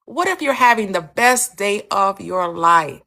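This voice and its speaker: A woman's voice: mid-range voice, animated, a little slow, pushed and bright. A woman host teaching manifestation in an emphatic, preachy way, firing off repeated rhetorical questions on a live stream.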